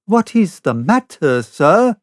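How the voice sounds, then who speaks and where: A man's voice: high voice, big pitch swings, slow, dry recording, clean studio sound, voice pushed up, heavily acted. A man voicing a devoted young male servant who speaks in a raised, eager and polite voice in an audiobook reading. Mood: surprised.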